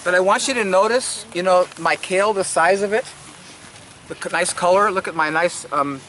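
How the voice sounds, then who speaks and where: Older man, slightly high voice, folksy and eager, stumbles over words, outdoor garden tour, steady background noise. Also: moderate pace, rough recording. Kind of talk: casual guided garden walk.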